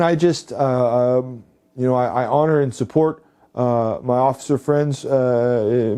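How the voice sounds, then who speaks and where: A man's voice: medium pitch, mellow. A man presenting to police officers in a recorded talk, rambling, with many fillers and restarts. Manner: rambling, heavy with "you know" and restarts. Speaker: presenter for a healing services group.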